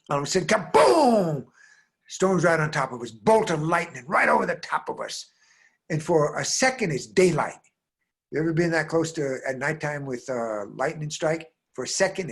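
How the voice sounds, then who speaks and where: A man from the American Southwest, a storyteller performing a tale aloud, speaking straight to his listeners and swinging from hushed lines to loud bursts. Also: mid-range voice, breathy edge. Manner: talks straight to listeners with frequent "right?".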